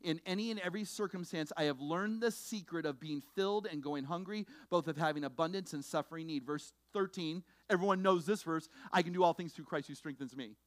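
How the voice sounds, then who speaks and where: A middle-aged male pastor preaching a sermon, swinging between loud bursts and low, intense passages. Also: fairly quick, hardly any pauses, no echo. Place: church sanctuary.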